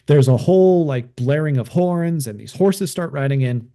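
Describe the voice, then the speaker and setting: A man's voice: medium pitch, normal speed, dark tone. A man hosting a show, casually retelling a film plot in a rambling way with lots of fillers. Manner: rambling, heavy use of fillers. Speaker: podcast host. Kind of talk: casual movie recap.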